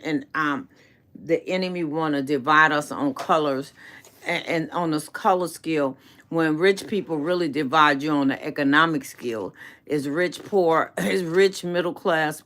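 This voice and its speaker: A woman's voice: deep voice, fairly bright tone. A middle-aged woman hosting a casual live stream, chatting with viewers in a rambling, affectionate way, calling them baby and adding faith-based encouragement. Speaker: channel host.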